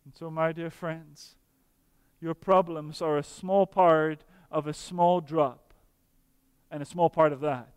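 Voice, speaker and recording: A man preaching a sermon earnestly, slowing down for emphasis and dropping to soft, quiet tones. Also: a little high, fairly even intonation, smooth, dry recording, in a large hall.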